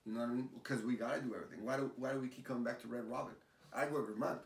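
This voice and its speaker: Gravelly-voiced man talking in a roomy space. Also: medium pitch, racing. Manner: animated, rambling, repeats phrases. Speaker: realtor guest. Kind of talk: casual chat. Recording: roomy, distant mic, faint hiss.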